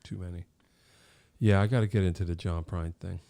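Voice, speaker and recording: A middle-aged man hosting a podcast, chatting casually and telling lively stories that act out his own reactions. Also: sits low, fairly quick, vocal fry. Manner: animated storyteller, acts out his own reactions. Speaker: podcast host. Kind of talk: casual chat.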